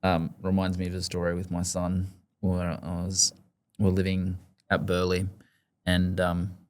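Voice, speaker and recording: A man hosting a podcast in an easygoing conversational way. His voice is a touch low, and he laughs easily as he tells his story. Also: completely flat delivery, unhurried, darkish tone. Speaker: podcast host. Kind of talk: casual podcast interview.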